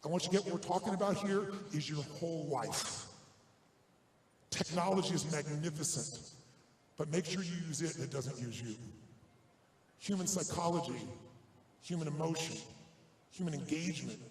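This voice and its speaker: A man's voice: a little high, moderate pace, pauses often. A man giving a motivational seminar talk to a live audience, telling stories in an intense, emphatic way with punchy repetition. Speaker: motivational speaker. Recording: roomy hall with faint noise.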